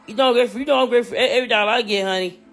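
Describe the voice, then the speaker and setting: A woman's voice: on the high side, racing, fairly bright tone. A woman livestreaming in casual talk, repeating herself insistently and swearing a lot. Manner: repetitive, insistent, swears heavily.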